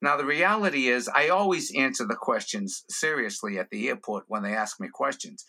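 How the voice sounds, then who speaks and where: A man, a comedian and guest on a podcast interview, telling stories in an animated way and slipping into character voices. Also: mid-range voice, moderate pace, gravelly. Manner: animated storyteller who slips into character voices.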